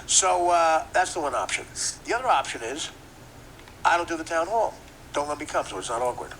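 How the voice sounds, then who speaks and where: Man, podcast host, profane comic rant, bright tone, lively swooping pitch. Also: fairly quick, a little hiss or hum, low-quality recording. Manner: profane, riffing, laughing at his own jokes. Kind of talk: comedic rant.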